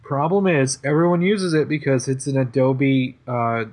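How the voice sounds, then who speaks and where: A young man in casual conversation, with a voice of middling pitch. He rambles and hesitates, fills gaps with "um" and "uh", and often starts his sentences over. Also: steady tone, moderate pace, a little mellow. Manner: chatty, hesitant, many fillers and restarts. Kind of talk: casual chat about typography.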